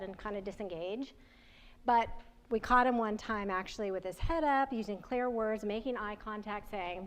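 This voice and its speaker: Chatty woman presenter, slightly high voice. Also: normal speed. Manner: conversational, chatty, laughs often, asks the audience questions. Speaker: workshop presenter. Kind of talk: training presentation to parents and educators.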